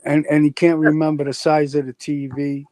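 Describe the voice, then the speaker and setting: A man's voice: a little high, little pitch movement, moderate pace, a little mellow, slight background noise. A man co-hosting a casual chat, skeptical and often stammering as he restarts.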